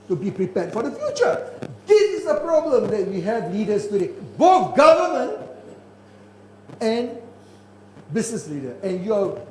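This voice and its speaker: An older man delivers a keynote in a high, carrying voice. He speaks emphatically, restarting phrases and pressing his points home. The recording is roomy and echoey, with a faint ambient hum. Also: dark tone. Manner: emphatic, repeats and restarts words, rising indignation. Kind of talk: conference keynote lecture.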